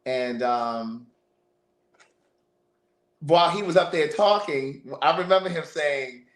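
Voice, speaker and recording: A man hosting a livestream, telling a family story in a casual, animated way, often repeating words. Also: fairly high pitch, takes it slowly. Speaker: livestream host. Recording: roomy echo.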